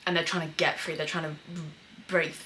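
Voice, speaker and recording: A young woman with a low voice talks through a show in a loose, rambling way, piling on fillers and the odd swear word. A faint hiss sits under her voice. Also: flat delivery, moderate pace, pushed and bright, poor audio. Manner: chatty, many fillers, emotional and swearing. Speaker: screenwriter reacting to a series. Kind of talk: casual reaction commentary.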